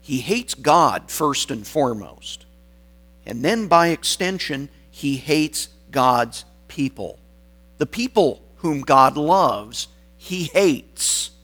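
A man preaching a sermon, stressing key words and pausing for weight between phrases. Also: a little high, animated, fairly bright tone, soft background music, low-quality recording. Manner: deliberate, emphatic phrasing with dramatic pauses.

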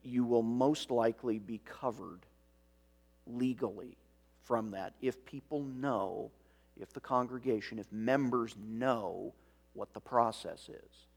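Man, pastor, sermon, measured delivery, rhetorical questions, dry asides, mid-pitched voice. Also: vocal fry. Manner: dry, self-aware asides.

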